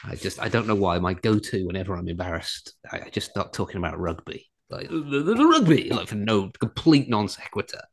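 A middle-aged English man hosting a podcast, telling animated stories with frequent laughter. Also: sits low. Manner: animated storyteller, laughs a lot, quick asides. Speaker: podcast host. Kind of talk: casual podcast chat.

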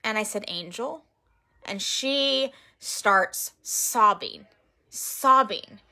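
A woman's voice: medium pitch, extremely slow. A woman casually recounting her outreach stories, earnest and emotional, acting out what people said to her. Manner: earnest, emotional, retells quotes in lively voices. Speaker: missionary sharing outreach stories. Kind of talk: casual storytelling chat.

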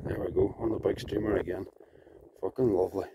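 A Scottish man fishing outdoors by a loch, giving excited, sweary commentary and shouting to a friend across the water. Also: deep voice, brisk, muffled recording, very noisy. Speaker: fishing vlogger.

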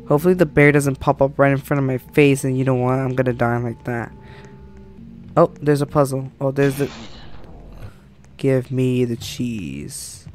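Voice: medium pitch, vocal fry, darkish tone. A gaming channel host giving live gameplay commentary in a jumpy, panicky way, exclaiming often.

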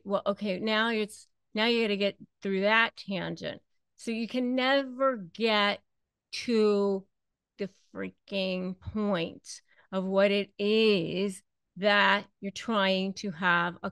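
Slow, smooth-voiced woman giving advice. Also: medium pitch, a bit bright, no room sound. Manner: conversational, acts out quoted dialogue. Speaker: host. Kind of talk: advice talk to camera.

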